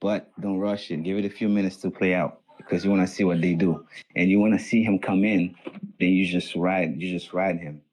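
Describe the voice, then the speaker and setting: A husky man with a Boston accent talks traders through the market on a live stream. His voice sits a little low, and he coaches with lively, chanting energy. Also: brisk, rough recording. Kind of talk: live trading stream chat.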